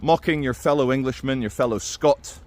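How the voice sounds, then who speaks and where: A man's voice: medium pitch, normal speed. Chatty man giving opinions. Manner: conversational and animated, with quoted impressions. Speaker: video commentator. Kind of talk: opinionated monologue commentary.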